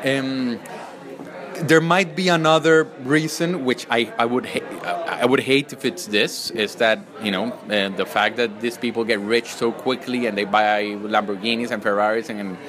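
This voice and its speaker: Halting Colombian-accented man. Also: medium pitch, fairly even intonation, a crowd in the background. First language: Spanish. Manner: hesitant, halting with many restarts. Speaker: film director. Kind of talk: interview answers.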